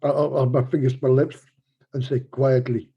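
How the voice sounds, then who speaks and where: A man's voice: medium pitch, little pitch movement, brisk, breathy edge, dull audio. A man playing in a tabletop game, stammering and repeating words as he describes what his character does. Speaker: player. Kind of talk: casual game chat.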